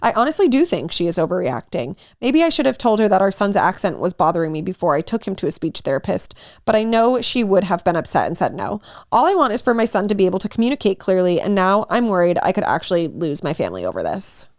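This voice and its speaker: Young woman podcaster, chatty and animated, dry close mic sound. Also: medium pitch, quick pace, hardly any pauses, no echo. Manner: animated, laughs often, swears casually. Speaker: podcast co-host. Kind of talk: casual chat, reading a listener story aloud.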